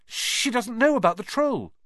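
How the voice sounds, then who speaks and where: A man's voice: very high voice, expressive, normal speed, fairly bright tone, no echo, clean studio sound, pitched above the performer's own voice. A man voicing a young boy wizard, brave and urgent, with a breathless manner.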